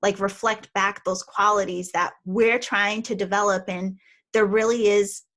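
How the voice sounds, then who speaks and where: A woman in her thirties hosting a podcast, chatting warmly with a close friend and laughing easily. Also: mid-range voice, fairly even intonation. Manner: affectionate, chatty, quick to laugh. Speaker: podcast host. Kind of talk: casual chat.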